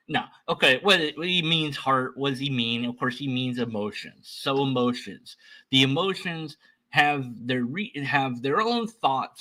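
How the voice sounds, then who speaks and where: A man's voice: medium pitch, very animated, normal speed, pushed and bright, low-quality recording. A man giving casual reaction commentary, rambling with many restarts and asides.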